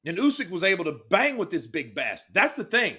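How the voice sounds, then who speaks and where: A man giving casual, excitable live play-by-play commentary on a boxing match, calling punches rapidly and swearing freely. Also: high voice, husky.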